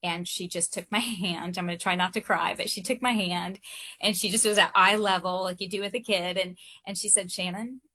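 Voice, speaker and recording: A woman's voice: on the low side, fairly even intonation, brisk, pushed and bright. A woman in her thirties, an interview guest, telling a personal story earnestly, with hesitations and light laughs.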